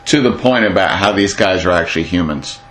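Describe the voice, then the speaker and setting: A male podcast host with a fairly low voice talks earnestly with a guest. His speech is casual and unscripted, with the odd repeated word as he works through a thought. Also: a little fast, a bit bright. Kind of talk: casual interview chat.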